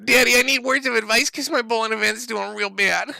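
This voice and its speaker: A high, whining grown man with an exaggerated Southern drawl, petulant and snide, as a streamer mocks him. The pitch climbs far above his normal talk, and the sound is close and dry. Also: brisk, gravelly, bright, forceful tone, no room sound, full character voice. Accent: Southern US (put on).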